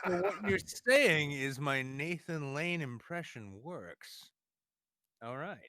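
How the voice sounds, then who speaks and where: A man's voice: on the high side, sing-song, slow pace, fairly bright tone, a little hiss or hum. A man joking on a live stream with exaggerated, playful outbursts. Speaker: stream co-host. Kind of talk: casual comedic banter.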